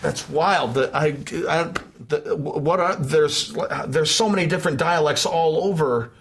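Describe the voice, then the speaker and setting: A man's voice: fairly high pitch, a little slow. A man hosting a casual voice-acting interview, who is also a voice actor, upbeat and encouraging, laughing often. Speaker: podcast host, voice actor.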